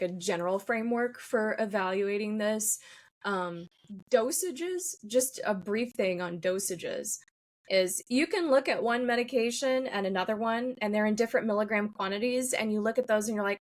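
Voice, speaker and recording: A woman pharmacist walks listeners through her points in a steady, explanatory podcast manner. Her voice sits at an ordinary middle pitch. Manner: measured, explanatory. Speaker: clinical pharmacist guest. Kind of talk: podcast conversation.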